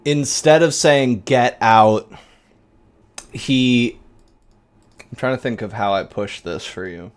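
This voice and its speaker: A man narrating as game master, talking in a relaxed, halting way. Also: mid-range voice.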